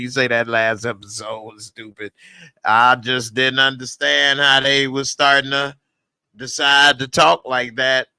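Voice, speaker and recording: A man casually reviewing a TV episode in a vlog, animated and laughing often. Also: medium pitch, clean tone, no room sound. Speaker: TV show reviewer.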